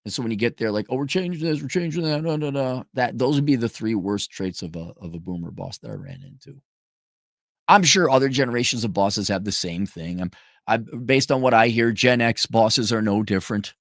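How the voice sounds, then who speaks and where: A man's voice: fairly low pitch, big pitch swings, fairly quick, a bit bright, no room sound, studio quality. A man hosting a show, giving blunt, sarcastic and profane commentary in a casual way while reading viewer donations.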